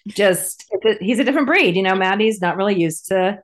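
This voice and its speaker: A woman's voice: medium pitch, expressive, a little fast. A woman co-hosting a casual recap podcast, chatting in a rambling way with lots of fillers. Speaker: podcast co-host. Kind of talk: casual episode recap chat.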